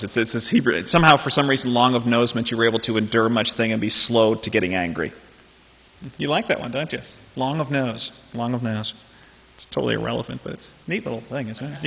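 A man's voice: medium pitch, creaky, pushed and bright, slightly rough. A male pastor preaching a sermon in a conversational way, with joking asides and repeated phrases. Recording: dull lo-fi sound in a reverberant hall.

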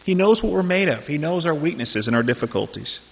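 Male pastor, chatty sermon delivery, husky voice in a dull, echoing church hall. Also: a little high, animated, brisk. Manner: conversational, joking asides, repeats phrases. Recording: dull lo-fi sound in a reverberant hall.

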